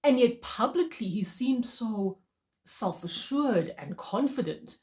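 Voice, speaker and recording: A woman's voice: fairly high pitch, animated, slow pace, a little mellow. A woman giving a casual, chatty movie review, talking straight to her viewers and laughing often.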